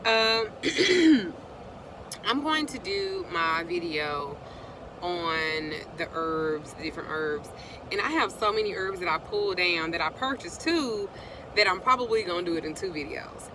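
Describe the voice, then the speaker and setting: A woman's voice: on the low side, animated, a little slow, noisy background. A middle-aged woman, telling a rambling story to her viewers and greeting them between sentences. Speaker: vlogger.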